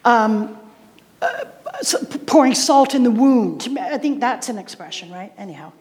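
A woman preacher with a fairly high, darkish voice and lively intonation delivers an emphatic sermon at a moderate pace, repeating key phrases and posing questions to the congregation. The sound is reverberant, as in a hall.

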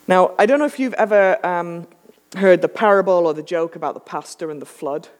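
A pastor preaches in a relaxed, conversational manner, dropping wry joking asides throughout the sermon. His middling-pitched voice moves fairly quickly and echoes with the long reverb of a church sanctuary.

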